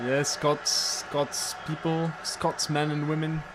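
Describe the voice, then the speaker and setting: A man with a French accent, a guest on a football watchalong stream, chatting in a relaxed, easygoing way and reacting to the match. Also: fairly high pitch, takes it slowly, background noise. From France. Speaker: guest co-watcher, Arsenal fan. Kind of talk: casual live watchalong chat.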